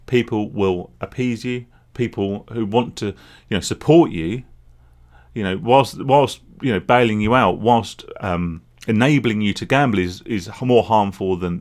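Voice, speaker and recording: A man speaking candidly in a rambling, confessional solo vlog about his past as a gambling addict. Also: on the low side. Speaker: vlogger, former gambling addict. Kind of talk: reflective solo vlog monologue.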